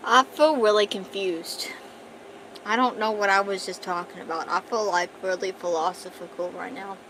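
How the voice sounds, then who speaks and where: A young woman streaming from home, chatting casually and thinking out loud while she draws, talking fast and rambling from thought to thought. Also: medium pitch, fairly even intonation, noisy background. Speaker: art streamer. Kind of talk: casual livestream chat.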